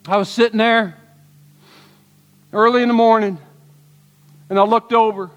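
A man's voice: high-pitched, steady tone, measured pace, long pauses, smooth. A man preaching a sermon as pastor, telling stories in an earnest way and asking the congregation rhetorical questions. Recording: long hall reverb.

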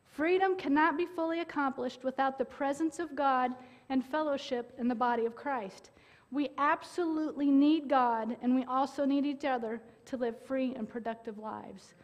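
Earnest woman preaching a sermon. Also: sits high. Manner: earnest, with dramatic pauses and sudden loud bursts.

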